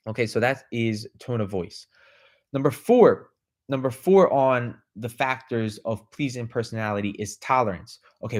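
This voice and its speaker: A man hosting a podcast, giving a motivational talk that keeps asking the listener questions, tagging lines with "right?" and "okay?" and repeating words as he restarts. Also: medium pitch. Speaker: podcast host.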